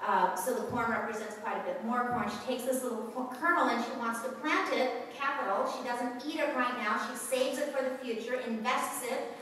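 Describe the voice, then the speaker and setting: A woman's voice: on the high side, moderate pace, fairly bright tone, a little hiss or hum. A woman giving a public talk to an audience, telling stories earnestly with frequent fillers. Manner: earnest, storytelling with many fillers. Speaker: speaker at a lecture. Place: large echoey hall. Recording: echoey hall, voice from far off.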